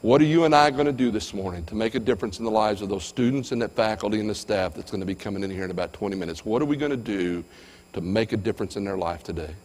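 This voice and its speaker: A man voicing a blunt older male university president who questions him gravely, in a much lower and quieter voice than his own. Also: racing, slight background noise, lightly acted. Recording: long hall reverb.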